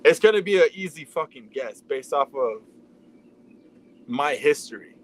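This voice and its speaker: A man's voice: fairly high pitch, lively intonation, unhurried, slight background noise, poor audio. A man hosting a livestream, telling a rambling story in a casual, profane, conversational way. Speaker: livestream host. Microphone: streaming mic.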